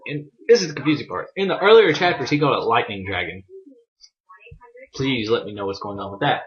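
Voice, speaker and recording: Brief: pumped young guy reviewing manga, lively pitch, profane and giggly, dull home audio. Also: a little fast. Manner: excitable, laughing, profane. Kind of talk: casual video review.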